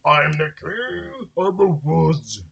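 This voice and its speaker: A man voicing a huge, grumpy and arrogant bull moose in a storybook reading, bellowing slowly. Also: on the high side, sing-song, creaky, fairly bright tone, husky, lo-fi sound, heavily acted. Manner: slow bellowing boasts.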